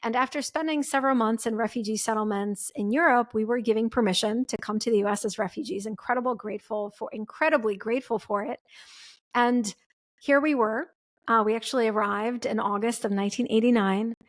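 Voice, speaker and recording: Earnest, reflective woman in her 40s, slightly high pitch, solo podcast storytelling. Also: fairly quick. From former Soviet Union. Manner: earnest and reflective, with frequent "right?" and "like". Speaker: podcast host. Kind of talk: personal storytelling monologue.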